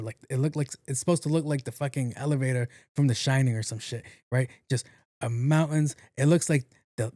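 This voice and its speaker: A young man tells a story on his podcast in a loose, profane way. His voice sits at an ordinary pitch, and the sound is close and dry. He acts out every quote with lively energy. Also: no echo. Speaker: podcast host. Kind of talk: casual storytelling monologue.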